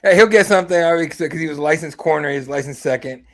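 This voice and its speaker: A man's voice: on the high side, fast talker, a bit bright. Laid-back man in casual chat. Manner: laid-back, slangy, agreeing. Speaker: podcast co-host.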